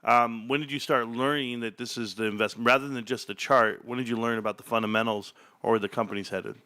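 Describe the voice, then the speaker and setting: A man hosting an investing chat, telling a store story with lively acted-out dialogue. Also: mid-range voice, fast talker. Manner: animated storyteller acting out shop dialogue. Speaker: stock channel host.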